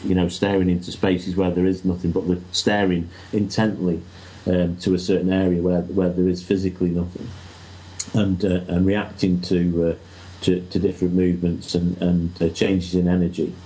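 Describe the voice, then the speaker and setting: A man speaking as a guest on a talk show, answering slowly and haltingly with many repeated words. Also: sits low, flat delivery, mellow, poor audio. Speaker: guest, spirit rescuer.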